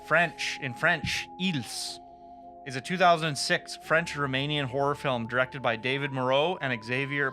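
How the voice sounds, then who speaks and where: A man's voice: mid-range voice, pushed and bright. A man hosting a casual movie review podcast, chatty, laughing often and swearing freely. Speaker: podcast host.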